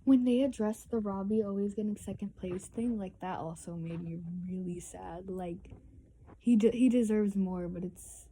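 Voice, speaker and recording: A teenage girl vlogs in a casual, rambling way, full of fillers and sudden excited squeals. Her voice is soft and mellow, pitched in the middle for a woman. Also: normal speed, slight background noise. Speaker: vlogger. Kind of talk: casual chat.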